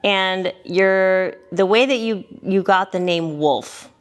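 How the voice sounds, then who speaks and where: A woman's voice: mid-range voice, slow pace. A woman hosting an interview in a studio, prompting her guest with short follow-up questions. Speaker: host. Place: podcast studio.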